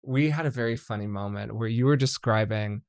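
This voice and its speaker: Relaxed male podcast host. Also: a little fast, gravelly, dry recording. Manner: animated, acts out dialogue in high put-on voices. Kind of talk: casual conversation.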